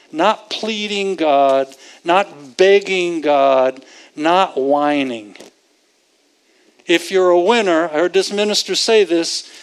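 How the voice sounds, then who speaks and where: High-voiced man preaching slowly and emphatically. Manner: emphatic, repetitive, rhetorical questions, chuckling. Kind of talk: sermon.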